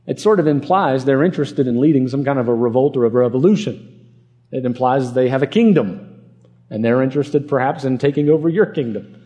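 A man's voice: medium pitch, warm tone. A man preaching an expository sermon, earnest and emphatic, repeating words for stress. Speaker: pastor.

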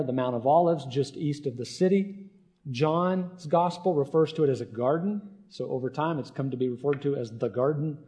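Mellow-voiced male pastor preaching. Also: fairly high pitch. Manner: earnest, conversational preaching with frequent "right?". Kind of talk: sermon.

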